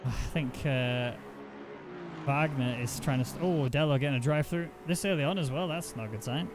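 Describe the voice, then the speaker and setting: A man commentating a sim racing event live, jumping up in excitement when the action heats up. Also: noisy background. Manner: excitable, quick to rise in pitch on action. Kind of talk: live esports race commentary.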